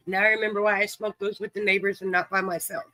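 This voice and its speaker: A woman's voice: medium pitch, pushed and bright, no echo, low-quality recording. A woman hosting a live stream card game, chatting with viewers in a folksy, teasing, profane way while coughing and short of breath. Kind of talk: casual chat with viewers.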